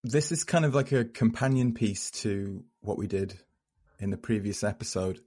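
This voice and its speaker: A man co-hosting a podcast, talking casually and calmly explaining how things work. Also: lowish voice, normal speed. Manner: relaxed, explanatory. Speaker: podcast co-host. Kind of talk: casual chat.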